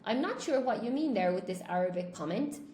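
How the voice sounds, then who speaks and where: A woman's voice: medium pitch, expressive, brisk, a little mellow. A woman, an English teacher chatting casually on a livestream and reading out viewer comments, often tagging "you know?" onto her points. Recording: roomy echo, faint background hum.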